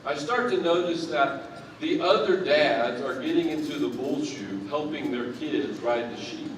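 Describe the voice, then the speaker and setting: A man in his thirties delivers a commencement speech in a large indoor arena, telling humorous, self-deprecating stories in a slightly higher voice. He sounds a little distant from the mic, and his voice booms around the hall over clear crowd ambience. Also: unhurried, a little hiss or hum. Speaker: keynote speaker. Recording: echoey arena, picked up from a distance.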